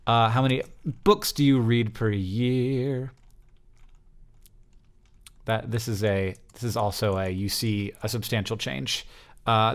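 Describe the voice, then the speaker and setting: A man's voice: mid-range voice, clean tone. Rambling man reading survey charts. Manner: rambling with many fillers and restarts. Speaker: host. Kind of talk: casual walkthrough of survey results.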